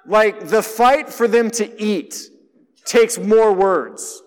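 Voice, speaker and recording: Higher-voiced man preaching in a hall. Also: slow pace. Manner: conversational, swings between hushed and emphatic. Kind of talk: sermon.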